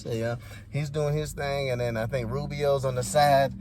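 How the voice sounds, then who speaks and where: A man's voice: medium pitch, fairly even intonation, moderate pace, a little mellow. A man giving rambling, laid-back, slangy commentary as a vlogger. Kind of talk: casual commentary.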